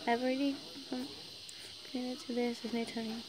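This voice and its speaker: A woman's voice: a little high, level tone, a little fast, noisy background. A woman casually reading fan fiction aloud, chatty and giggly, breaking off for side comments.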